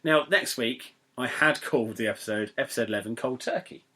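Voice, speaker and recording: A man's voice: mid-range voice, brisk, sharp tone. A young man from England hosting a podcast in casual, rambling, jokey chat that keeps wandering into digressions. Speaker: podcast host.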